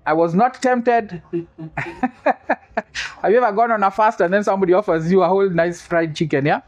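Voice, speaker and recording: A man's voice: high-pitched, a little fast, dull audio. A man preaching a sermon, repeating key phrases for emphasis, asking the congregation questions and adding humorous asides. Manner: quizzes the congregation for responses.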